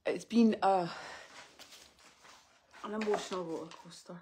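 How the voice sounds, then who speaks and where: A woman in her thirties, teary and soft-spoken as she chats through opening parcels live. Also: mid-range voice, steady tone, unhurried, a little hiss or hum. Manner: tearful, soft-spoken, sniffly. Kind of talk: emotional live unboxing chat.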